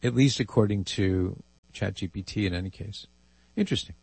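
A man hosts a call-in radio show, reading listener emails aloud and dropping amused asides. His voice sits low with a husky edge. The studio sound is dry and close. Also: fairly quick, darkish tone, no echo. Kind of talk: casual call-in radio talk.

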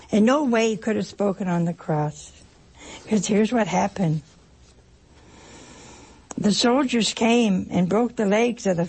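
A woman preaching an emotional sermon, pausing dramatically and dropping at times to a whisper. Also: mid-range voice, darkish tone, breathy edge.

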